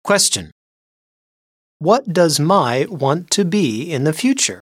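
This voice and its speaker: A woman reading test questions in a slow, measured manner. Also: low voice, big pitch swings, husky, no echo, clean studio sound. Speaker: question reader.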